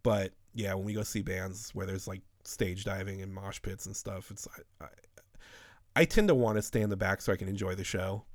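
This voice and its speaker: A man in his thirties talks through long, profane, rambling stories in a relaxed podcast chat. His voice sits a little low, and the close mic gives it a dry sound with no room echo. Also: brisk. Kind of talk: casual chat.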